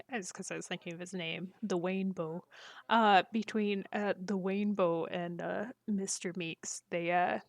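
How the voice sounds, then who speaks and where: A woman chats casually while streaming a game, trading jokes with her viewers and dissolving into giggles. Her voice sits at an ordinary middle pitch, and the sound is dry and close with no room echo. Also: vocal fry, a bit bright. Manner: giggly, breaks into frequent laughter; chatty, jokey, talks to her chat. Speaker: live streamer. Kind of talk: casual live-stream chat while gaming.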